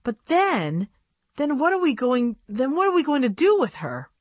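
Woman doing a high eager little girl doll. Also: big pitch swings, normal speed, no echo. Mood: worried.

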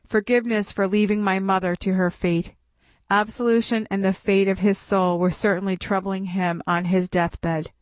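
A woman narrating a memoir audiobook in a measured, steady reading voice, close to the mic. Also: medium pitch, no room sound.

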